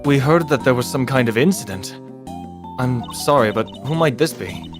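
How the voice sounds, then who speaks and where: A woman voicing a composed, formal male prosecutor in a measured reading. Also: extremely low pitch, over music.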